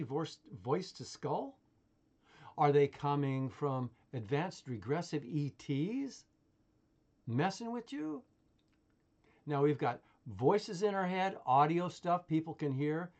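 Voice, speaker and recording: A man's voice: fairly high pitch, muffled recording. A man talking in a casual, rambling monologue, full of swearing, laughter and restarts. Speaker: vlogger.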